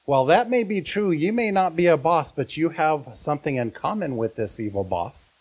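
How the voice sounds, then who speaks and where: A man's voice: fairly high pitch, lively intonation, normal speed, breathy edge. A man preaching a sermon as pastor, earnest and often putting questions to his listeners.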